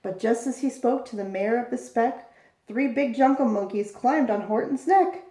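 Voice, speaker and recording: A woman reading a rhyming picture book aloud as a bedtime storyteller, with a steady rhythmic cadence. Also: a little high, normal speed. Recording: echoey room.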